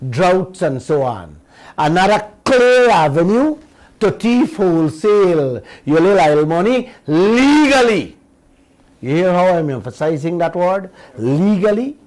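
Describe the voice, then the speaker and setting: Slow, emphatic Guyanese radio host. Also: male voice, fairly high pitch, rough recording. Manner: folksy, emphatic, addresses listeners as uncle and auntie. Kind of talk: talk radio commentary.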